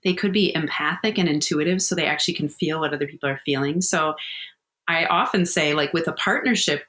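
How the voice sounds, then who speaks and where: A middle-aged woman speaks in a fairly low voice as a podcast guest. She talks openly and conversationally, telling personal stories with frequent laughter. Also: fairly quick. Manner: warm, candid storytelling with frequent laughs. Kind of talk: casual conversational interview.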